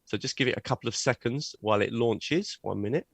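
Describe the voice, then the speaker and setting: A man leading a live online teaching workshop and demonstrating software on a video call, checking in with "okay?" as he goes. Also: mid-range voice, brisk, vocal fry, no echo. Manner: energetic, frequent "okay?" check-ins. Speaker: teacher trainer. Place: at a computer sharing his screen.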